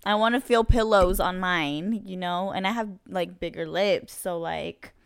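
A young woman with a lowish voice, recorded dry and close, chatting candidly as a podcast co-host. Her tone is loose and easygoing, and she laughs readily. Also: unhurried, creaky, clean tone, no room sound. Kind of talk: casual chat.

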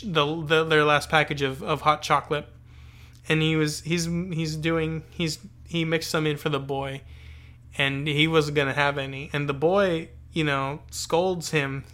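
A man co-hosting a podcast discusses a novel in a casual, thoughtful way, rambling and restarting often. His voice is fairly high, pushed and bright.

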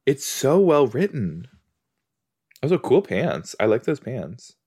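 Slow-talking, lively-pitched rambling man. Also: husky. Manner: rambling, easily sidetracked, exclaims often. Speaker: host reacting to a TV episode. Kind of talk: casual watch-along chat. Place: indoors on a couch.

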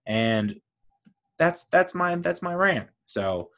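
A man's voice: fairly high pitch, slow pace. A man hosting a solo podcast, talking through his thoughts in an enthusiastic, rambling way. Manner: enthusiastic, rambling, lively storytelling. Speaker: podcast host.

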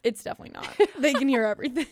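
A woman's voice: sits high, very fast, slight background noise. A young woman co-hosting a casual podcast chat, telling teasing stories and swearing casually. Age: young adult. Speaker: podcast co-host.

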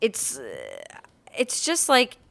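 Woman, podcast co-host, crude, animated, searching for words, dry close sound. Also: high-pitched, slow, no room sound. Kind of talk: casual political chat.

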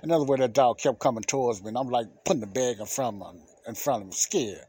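A man hosting a podcast, telling a personal story in a casual, animated way, repeating himself and using colloquial speech. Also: medium pitch, fast talker, husky, no echo. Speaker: podcast host.

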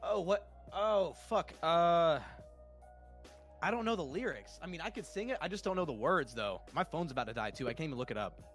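A man's voice: on the high side, expressive, a little fast, a bit bright, faint music behind. A man in a casual podcast chat, hesitant and self-conscious, swearing often. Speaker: restaurant server and podcast co-host.

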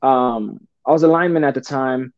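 A man's voice: medium pitch, normal speed, no room sound. A man as a podcast guest telling his story in a casual, profane way, often calling the listener "brother" and restarting his sentences. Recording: dull lo-fi podcast audio.

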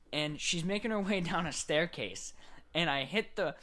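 A man co-hosting a casual podcast, telling animated gaming stories and acting out scenes. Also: a little high, moderate pace. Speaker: podcast co-host. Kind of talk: casual chat.

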